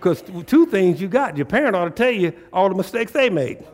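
Very animated and fairly quick, a pastor preaches in a relaxed conversational dialect, using rhetorical questions to keep the congregation responding. His somewhat high, slightly mellow voice rings through a church hall with long reverb.

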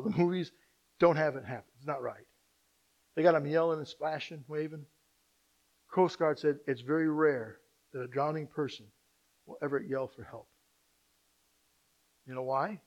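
A male pastor preaching a sermon, swinging from loud emphatic lines to quiet asides. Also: a little high, dull audio.

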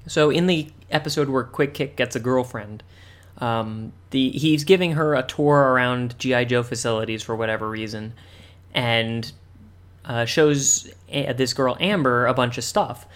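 A male podcast co-host in easygoing chat with a voice at a middle pitch. He often restarts his sentences and repeats words. His humor is dry and wry. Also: a little slow, fairly bright tone. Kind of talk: casual chat.

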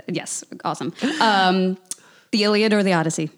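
A woman's voice: mid-range voice, fairly quick. A woman co-hosting a podcast, playful and giggly, rambling through a quiz and sign-off. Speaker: podcast co-host. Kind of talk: casual podcast chat.

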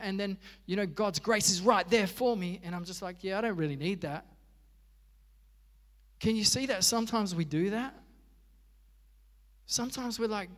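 High-voiced pastor preaching. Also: male voice, normal speed, long pauses, a bit bright, in a large hall. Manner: conversational, acts out quoted dialogue. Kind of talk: sermon.

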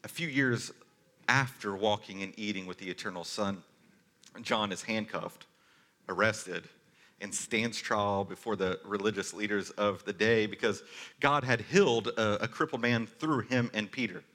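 Bright-voiced man preaching a casual sermon. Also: on the low side, a little slow. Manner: conversational, animated preaching with casual asides. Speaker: pastor.

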